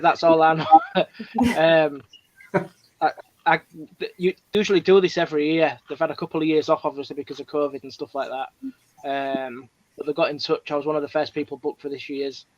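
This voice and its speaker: A man's voice: on the high side, steady tone, a little fast. A man as a guest on a live show, talking casually with many hesitant fillers. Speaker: guest author. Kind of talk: casual conversation. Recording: dull lo-fi audio.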